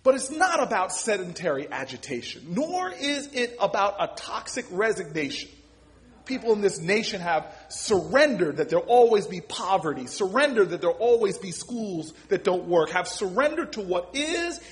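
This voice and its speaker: Very high, lively impassioned male speaker. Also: normal speed. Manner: impassioned, storytelling, repeats words. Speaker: public speaker. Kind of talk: motivational speech.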